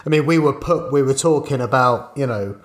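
A man's voice: medium pitch, brisk. Musing man thinking aloud on a podcast. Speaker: games journalist podcast co-host. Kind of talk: casual podcast discussion.

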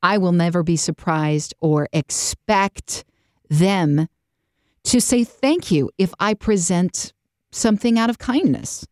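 A woman hosting a faith-based podcast, chatting and telling stories with animated, lively delivery and quick jumps into voices. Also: fairly low pitch, no echo, clean studio sound. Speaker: podcast host.

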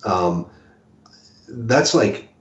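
A male author talking casually as an interview guest, halting with many restarts and fillers. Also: lowish voice, animated. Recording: echoey room, dull lo-fi audio.

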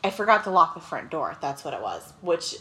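A woman's voice: low voice, big pitch swings, brisk, bright, forceful tone. Woman 30s, podcast co-host, swears freely, laughs through her stories. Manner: profane, laughing storyteller. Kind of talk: casual chat.

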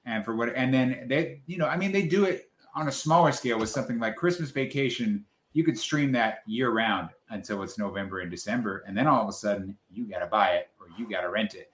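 A man co-hosting a casual chat podcast, animated and joking. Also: medium pitch, a little fast, few pauses, reverberant. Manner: animated, does comic impressions. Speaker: podcast co-host.

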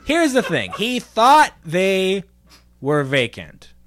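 Man doing a smarmy gallery curator, rambling, flustered, fairly high voice, lively pitch. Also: slow pace, noisy background, full character voice. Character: smarmy awkward male art gallery curator. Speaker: improv comedy performer. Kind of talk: improvised comedy role-play.

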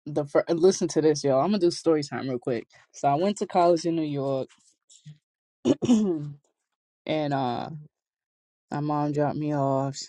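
Young woman vlogging, laid back slangy storytime, warm tone, laughs a lot. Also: low voice, measured pace, long pauses, no echo. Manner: chatty, slangy, laughs often. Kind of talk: casual storytelling to camera.

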